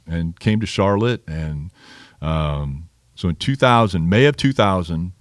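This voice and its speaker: Male commentator, 50s, from Nebraska: very low voice, lively storyteller voicing the people in his stories, casual interview guest. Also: dry recording, studio quality. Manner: animated storyteller acting out quotes. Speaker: motorsport commentator, podcast guest.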